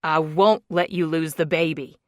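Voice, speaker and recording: Woman narrator playing a calm, determined rich man, a touch lower than her own voice, dry audiobook read. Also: moderate pace, dry recording, close to an everyday voice. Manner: steady, low-key, firm. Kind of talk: audiobook character reading.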